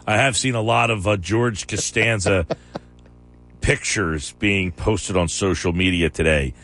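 A man's voice: low-pitched, a bit bright, soft background music. A man hosting a sports radio show, chatting casually and challenging his co-host's claims. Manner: argumentative, quick to challenge.

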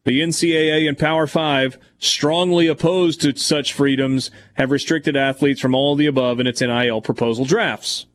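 A man's voice: mid-range voice, steady tone, moderate pace, few pauses. A man hosting a sports talk show who reads news passages aloud and then adds casual comments. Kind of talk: reading news and discussing on air.

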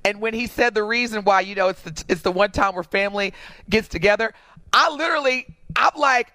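A woman co-hosting a radio show in casual, playful chat and animated storytelling. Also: mid-range voice, brisk, no echo.

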